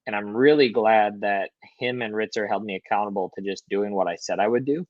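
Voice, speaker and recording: A young man, a podcast guest, telling a personal story in a lively, swearing way and acting out quotes, in a hotel room. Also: lowish voice, brisk, no room sound, dull audio. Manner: animated, swears, acts out quotes. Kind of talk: casual storytelling.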